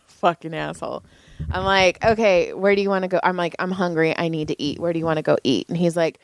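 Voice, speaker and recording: Fast, creaky and steady, a lowish female voice with no room sound belongs to a middle-aged podcast co-host. She chats casually through a family story, swearing freely and acting out what everyone said.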